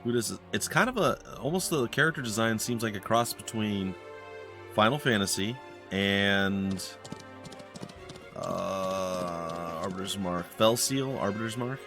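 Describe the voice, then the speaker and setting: A man with a lowish voice talks through a video game at his home desk microphone. His commentary is casual and wandering, full of ums, uhs and false starts. Faint game music plays underneath. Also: takes it slowly. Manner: rambling, hesitant, with many fillers and restarts. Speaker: let's play host.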